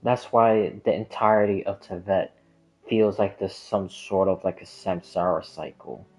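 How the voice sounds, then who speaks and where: A gaming lore commentator with a low-sitting, a little mellow voice and fairly even intonation talks a little slowly through a theory. His casual explanatory monologue rambles and hesitates, full of filler words and restarts, over soft background music with poor audio.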